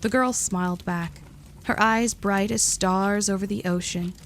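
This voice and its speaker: A woman narrating a gentle storybook tale in a calm, even reading. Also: medium pitch, a little slow, a little hiss or hum.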